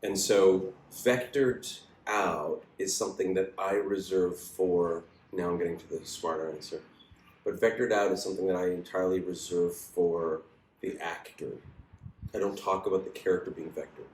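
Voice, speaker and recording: Animated, swearing acting teacher, low voice. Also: male voice, moderate pace, echoey room, a little hiss or hum. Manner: animated, profane, acts out quoted lines with big pitch jumps. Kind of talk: casual teaching talk to a class.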